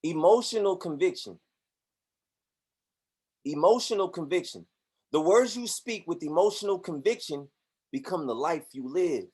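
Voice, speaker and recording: Casting: male motivational speaker, fairly high voice, lively and preachy. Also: moderate pace, long pauses, breathy edge. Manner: preachy and animated, acts out voices in his stories. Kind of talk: motivational talk.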